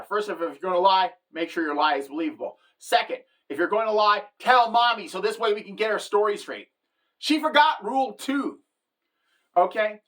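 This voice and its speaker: A middle-aged woman with a medium-pitched voice performs a comic monologue, animated in the telling but deadpan at the punchlines, slipping into the voices of the people she quotes.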